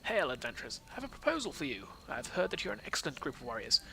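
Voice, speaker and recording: A man's voice: fairly high pitch, very animated, racing, vocal fry, rough recording. A man reading out the lines of an eager male servant in a video game, in his own plain voice. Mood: earnest.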